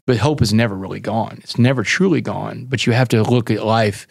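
A man's voice: fairly low pitch, fairly quick, gravelly, breathy edge, no echo. Dry, close-miked man telling a raw story. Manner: vivid storyteller who acts out quoted dialogue, calling the listener man and brother. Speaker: guest. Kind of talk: candid storytelling.

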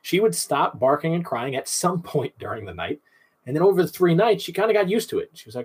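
A man with a somewhat husky voice, hosting his own podcast. He explains dog training in a casual, instructional way and keeps asking rhetorical questions to lead the listener along. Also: on the high side, big pitch swings, fairly quick.

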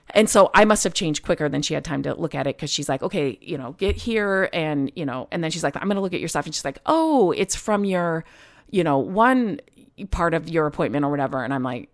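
Rambling woman, slightly low voice. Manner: rambling, emotional, many fillers. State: choked up at times. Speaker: podcast host. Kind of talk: personal storytelling.

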